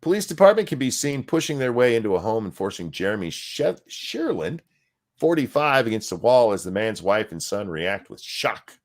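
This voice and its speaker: Lower-voiced male podcast co-host with a lively pitch, reads an article aloud and adds snarky side comments. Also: moderate pace. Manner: reads aloud with sarcastic asides and profanity. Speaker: podcast co-host reading news.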